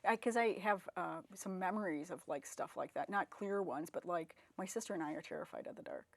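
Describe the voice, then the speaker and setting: A woman's voice: lowish voice, brisk, creaky, dry recording. Hesitant woman host, rambling questions. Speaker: talk show host. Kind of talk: talk show interview.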